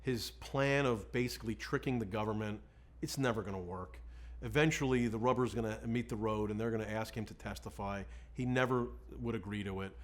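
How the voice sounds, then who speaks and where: A middle-aged male defense lawyer looking back on a case in an interview, frank and animated, breaking into laughs as he tells it. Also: on the low side, brisk. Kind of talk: candid recollection in an interview.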